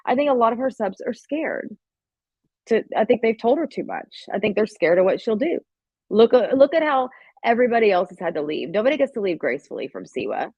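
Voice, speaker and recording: A woman's voice: on the high side, darkish tone, breathy edge, dry recording, dull audio. Woman ranting on her livestream, cusses a lot, dry close sound. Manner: rambling, profane, talks straight to her viewers. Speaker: livestream host. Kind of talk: casual live-stream chat.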